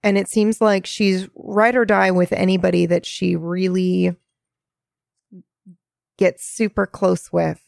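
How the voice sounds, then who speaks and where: A woman's voice: on the low side, level tone, takes it slowly, creaky, pauses often, darkish tone, no room sound, studio quality. A woman co-hosting a casual rewatch podcast, chatting and narrating scenes. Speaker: podcast co-host.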